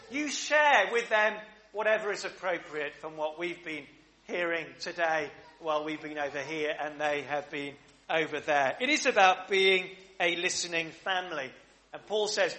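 A man's voice: high-pitched, sharp tone. A man preaching a sermon at a church service, leading the congregation in prayer and call-and-response questions. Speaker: pastor.

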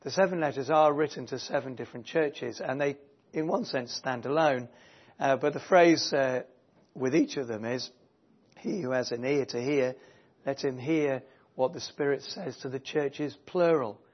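A man preaching a sermon, his voice strained and failing, clearing his throat and pausing often with "uh". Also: medium pitch, dull audio. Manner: hesitant, many uh fillers.

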